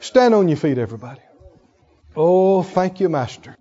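A man preaching a sermon with fervor, swinging from hushed tones to shouts. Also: high voice, big pitch swings, normal speed. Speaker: pastor. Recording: dull sound in a long-reverb hall.

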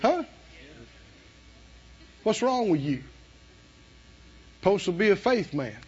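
A man preaching a sermon, emphatic, dropping to a hush and then rising to shouts. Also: high-pitched, sing-song, takes it slowly, slightly rough, muffled recording. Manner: emphatic, swinging from hushed to shouting, with laughs.

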